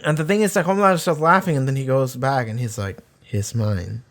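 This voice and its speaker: A man giving casual reaction commentary on a TV episode. He rambles excitedly and swears freely. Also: fairly high pitch, quick pace. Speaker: TV reaction YouTuber.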